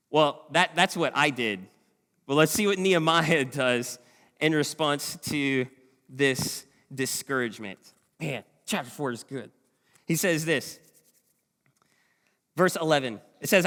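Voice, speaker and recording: A man in his thirties preaching a sermon, lively and animated, at times chanting a call-and-response war cry. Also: on the high side, moderate pace. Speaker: pastor. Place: church hall. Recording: long hall reverb in a church.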